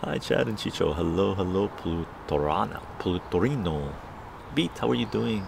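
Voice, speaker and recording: A man with a low, gravelly voice chats easily with his live stream audience, wandering from point to point and checking in with a constant "right?". He is recorded outdoors, with faint background noise behind him. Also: expressive, moderate pace. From Canada. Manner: rambling, tag questions like "right?". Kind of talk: casual chat. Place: outdoor patio garden.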